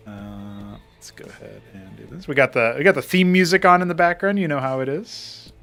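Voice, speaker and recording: Casual male game master, relaxed and joking, theme music faint underneath. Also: mid-range voice, brisk. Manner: laid-back, joking, laughs often. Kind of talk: casual tabletop game chat.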